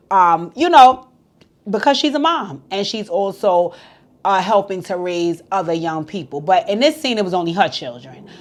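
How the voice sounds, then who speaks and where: A woman giving a casual, candid recap of a reality TV episode, chatty and freely swearing. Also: on the low side. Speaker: reality TV show reviewer.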